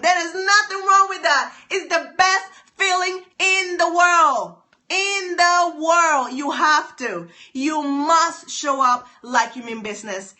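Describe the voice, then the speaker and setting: A woman live-streaming from her phone, giving an excited, emphatic motivational talk full of repeated lines. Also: high voice. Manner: emphatic, repetitive, preachy. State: excited and sweaty.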